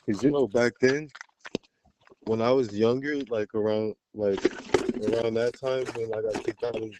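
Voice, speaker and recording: A man's voice: fairly low pitch, fairly even intonation, moderate pace, heavy background noise. A man co-hosting a podcast, bragging crudely in casual banter and laughing often. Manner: crude, boastful, laughs a lot. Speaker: podcast co-host.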